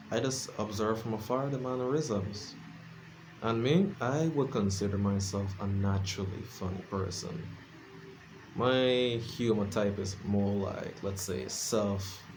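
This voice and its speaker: In a late-night vlog from his room at home, a sleepy man rambles casually, putting himself down and filling his talk with fillers and restarts. His voice is fairly low and a little mellow, with slight background noise.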